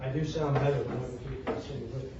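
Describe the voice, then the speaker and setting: A man's voice: mid-range voice, steady tone, rapid-fire, background noise. A man, a songwriter and society president, telling rambling anecdotes to a live audience between songs. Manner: chatty, rambling anecdotes with fillers and audience asides. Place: community hall with live audience. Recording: far-off, echoey, dull hall recording.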